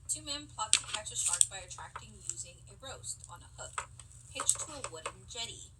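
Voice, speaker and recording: A woman co-hosting a podcast, retelling movie scenes in an animated, laughing way. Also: medium pitch, normal speed. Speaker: podcast co-host. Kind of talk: casual movie recap chat. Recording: distant mic with faint background hiss.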